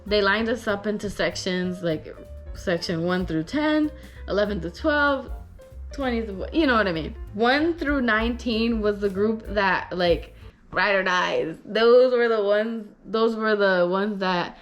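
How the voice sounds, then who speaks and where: A young woman vlogger telling a story, animated and expressive, swearing casually. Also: medium pitch, a little slow, faint music behind. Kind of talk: story time vlog.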